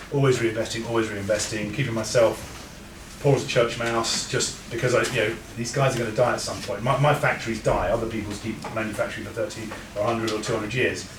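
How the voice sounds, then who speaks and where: Lower-voiced man in an echoey room. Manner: chatty, anecdotal, with stammered restarts. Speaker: speaker at a breeders' talk. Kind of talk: informal presentation to an audience. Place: event room with an audience. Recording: echoey room, mic far off, background noise.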